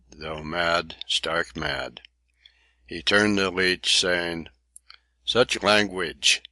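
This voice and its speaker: Deep-voiced male audiobook narrator. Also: pushed and bright, dry recording. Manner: measured, literary storytelling. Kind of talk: scripted narration.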